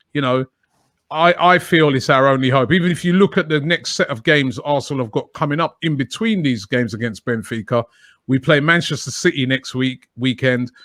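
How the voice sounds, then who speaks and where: A man's voice: mid-range voice, a bit bright, dry recording, studio quality. A man answering podcast interview questions as a guest, talking in a chatty, emphatic way with frequent "you know". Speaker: guest, fan channel presenter.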